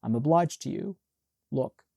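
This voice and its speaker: A man's voice: medium pitch, lively intonation, a little slow, vocal fry, mellow, dry recording, clean studio sound. A man playing a cool, self-assured young man in an audiobook, speaking tersely and without hurry. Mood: curt. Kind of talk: audiobook character voice.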